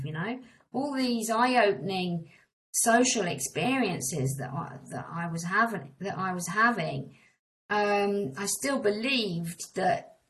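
A middle-aged Englishwoman with a lowish voice tells her life story candidly, wandering from point to point and often restarting sentences. The recording quality is low.

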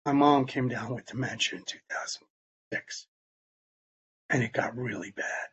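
A man's voice: medium pitch, normal speed, a bit bright, dull audio, a little hiss or hum. Man telling a raw personal story. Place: Long Island, New York.

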